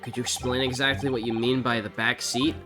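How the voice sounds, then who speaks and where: A woman's voice: a bass voice, little pitch movement, brisk, over music, pitched below the performer's own voice. A woman reading an earnest young defense lawyer. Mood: questioning. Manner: plain, questioning, matter-of-fact.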